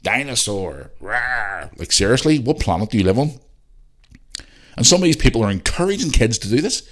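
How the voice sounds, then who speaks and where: A man's voice: medium pitch, big pitch swings, quick pace. A man in his forties hosting a podcast, ranting in a casual, opinionated monologue, swearing freely and repeating points for emphasis. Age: 40s. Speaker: podcast host.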